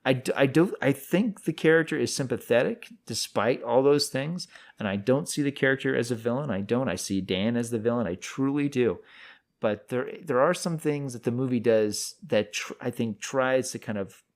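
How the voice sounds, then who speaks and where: A man in his forties with a mid-range voice, co-hosting a relaxed film podcast. He tells stories with lively energy and often trips over his words and starts again. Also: mid-range voice, normal speed. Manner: animated storytelling with frequent restarts. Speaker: podcast co-host. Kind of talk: casual film chat.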